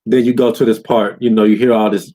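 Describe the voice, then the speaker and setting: Profane man ranting in a casual, low voice. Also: flat delivery, fast talker, dark tone. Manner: loose and profane, jumps into high-pitched quoted voices for game characters. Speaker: gaming commentator. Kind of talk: casual rant recapping a video game.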